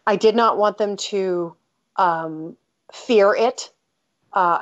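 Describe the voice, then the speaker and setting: A woman with a medium-pitched, fairly bright voice and fairly even intonation takes her time as she speaks. She's a middle-aged American author and interview guest telling a personal story, candid and emphatic, often halting and restarting sentences. The recording is dull and lo-fi.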